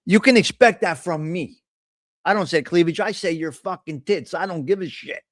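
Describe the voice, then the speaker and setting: A man's voice: high voice, moderate pace, no echo, studio quality. A man hosting a casual live stream, talking bluntly with a lot of profane trash talk. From Italian American. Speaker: host.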